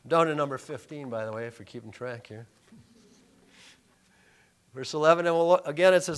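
A male pastor preaching a sermon, emphatic and full of rhetorical questions, dropping to a hush and then rising loud. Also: fairly high pitch, fairly quick, long pauses, smooth.

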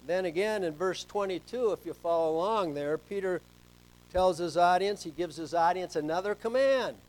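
A middle-aged man preaching a sermon as pastor, telling stories and swinging between soft asides and loud emphasis. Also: sits high, rough recording.

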